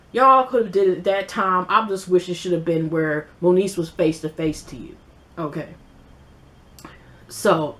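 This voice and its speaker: A woman reviewing a reality show in a casual vlog, rambling bluntly with profanity and many fillers. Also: medium pitch.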